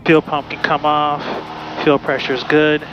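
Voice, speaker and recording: This is casual, upbeat cockpit narration from a male student pilot from Pittsburgh, USA, walking viewers through his flight in a small plane. He speaks at a measured pace in a fairly high voice with a level tone. The recording sounds muffled and the background is noisy.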